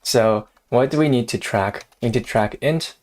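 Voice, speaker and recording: A man's voice: mid-range voice, normal speed, a little mellow. Man thinking aloud while coding. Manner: thinks aloud, hesitant, laughs often. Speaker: streamer host. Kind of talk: casual live coding chat.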